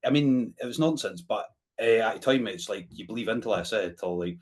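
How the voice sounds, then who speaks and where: A man's voice: lowish voice, expressive, fairly quick. A man with a northern Scottish accent, hosting a podcast in casual, rambling chat with frequent laughs. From Scotland. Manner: chatty, rambling, laughs often, tag questions. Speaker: podcast host.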